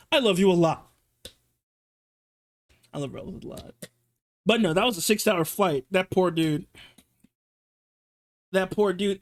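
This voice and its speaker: A man streaming live, reacting to a video and telling animated stories in casual chat. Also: high voice. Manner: animated storytelling, swings between fast and drawn-out.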